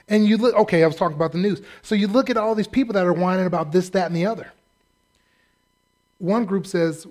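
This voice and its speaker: High-voiced man preaching a humorous sermon. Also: darkish tone. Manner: humorous, acts out quoted voices. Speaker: pastor.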